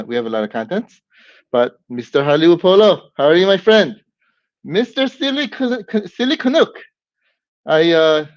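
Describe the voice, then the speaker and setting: A man hosting a live stream, whooping and greeting viewers by name with lots of excitement. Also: on the high side, no echo. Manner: hyped, whooping, warm greetings to chat. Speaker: livestream host. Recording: dull lo-fi stream audio.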